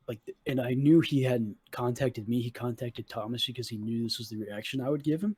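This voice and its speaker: Husky young man telling a profane story. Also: mid-range voice, fairly quick, few pauses, darkish tone, no room sound. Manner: profane, retells arguments with quoted dialogue. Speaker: podcast host. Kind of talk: casual storytelling chat.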